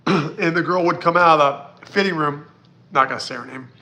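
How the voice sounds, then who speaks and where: A man with a bright, sharp tone hosts a casual live stream. He talks bluntly, swears now and then, and reads viewer questions aloud. His voice sits high and carries a gravelly rasp. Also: moderate pace. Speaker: psychic hosting a live Q&A.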